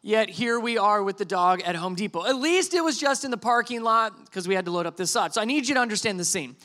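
A man in his thirties tells a comic family anecdote as a sermon illustration, his high, bright voice moving fast. He acts out every quoted line and pokes fun at himself while the story builds to its lesson.

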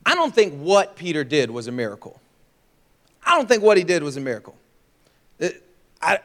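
A man's voice: fairly high pitch, very animated, moderate pace, long pauses, a bit bright. A young man preaching a casual, jokey sermon in a church, acting out voices and sound effects as he goes. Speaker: pastor. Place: church auditorium. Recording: reverberant hall.

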